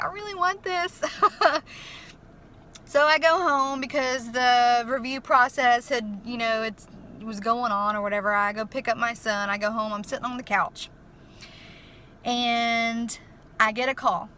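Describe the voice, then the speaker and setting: A woman's voice: a little high, normal speed, pushed and bright. Chatty young woman. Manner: chatty, emotional, lots of fillers. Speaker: vlogger. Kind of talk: casual testimony vlog. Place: inside a car.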